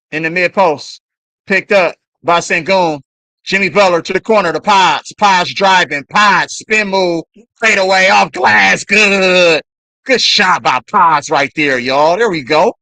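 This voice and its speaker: A man calling a basketball game live as a fan on a stream, swearing and yelling at the players between play-by-play. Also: high-pitched, a little slow, no room sound. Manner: excited, profane trash talk at players. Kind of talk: fan play-by-play watch-along.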